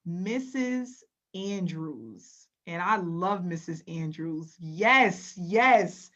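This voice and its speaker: A woman's voice: lowish voice, animated, drawn-out words, fairly bright tone, highs cut off. A woman hosting an online webinar, upbeat and chatty, laughing often. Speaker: webinar host.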